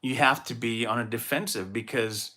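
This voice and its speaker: Male podcast host from Texas, solo casual monologue, bright tone, animated and rambling. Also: mid-range voice, moderate pace. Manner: rambling, animated storytelling with frequent restarts.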